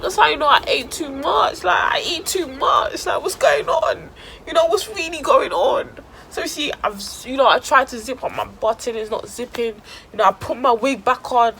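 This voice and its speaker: A woman's voice: high voice, vocal fry, fairly bright tone, slight background noise, rough recording. A woman telling a dramatic story in casual slang for her vlog. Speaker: vlogger.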